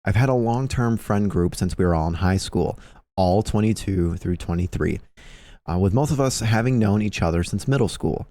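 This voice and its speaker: A man's voice: sits low, moderate pace. A young man hosting a live stream, chatting casually and reading forum posts aloud, with plenty of swearing. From Filipino heritage. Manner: animated storyteller, swears a lot, acts out quotes loudly. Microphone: close streaming mic.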